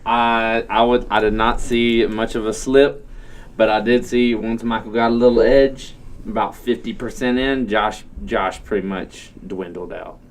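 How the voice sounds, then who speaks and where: A man's voice: lowish voice, fairly even intonation, unhurried. A man on a podcast, mocking his friends in casual banter. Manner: mocking, laughing. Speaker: podcast co-host.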